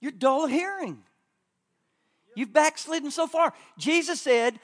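A man preaching a sermon at a church conference, joking with the crowd and swinging between loud bursts and quiet asides. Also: very high voice, big pitch swings, a little slow.

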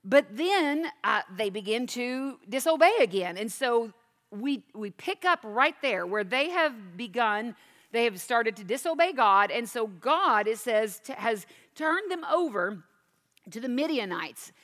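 A woman's voice: on the high side, very animated, unhurried, a bit bright, long reverb tail. A woman teaching a sermon, reading scripture aloud and then explaining it with questions to the listeners. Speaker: Bible teacher.

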